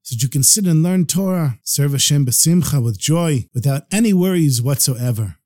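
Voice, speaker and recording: A man's voice: fairly high pitch, lively intonation, moderate pace, a little mellow, no room sound, clean studio sound, natural voice. A man playing a serene old holy rabbi. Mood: gentle. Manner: tender, blessing-giving, serene.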